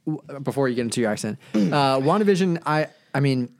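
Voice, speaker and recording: A man's voice: medium pitch, animated, fairly quick, darkish tone. A man hosting a podcast in casual chat, rambling and enthusiastic, with lots of fillers and restarts. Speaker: podcast host.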